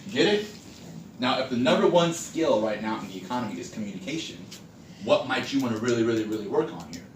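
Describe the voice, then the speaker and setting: A man leads a sales training session and tells stories to the group in a conversational way, often stopping to ask the audience questions. He sits at a middle pitch. The mic is far from him in an echoey room, with steady noise behind his voice. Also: fast. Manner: conversational storyteller who quizzes the audience. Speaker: sales coach.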